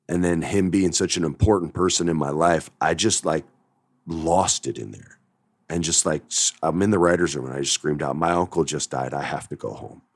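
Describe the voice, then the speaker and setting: A man's voice: very deep voice, dry recording, studio quality. A middle-aged man hosting a podcast, telling a personal story with emotion and getting choked up at times. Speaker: podcast host.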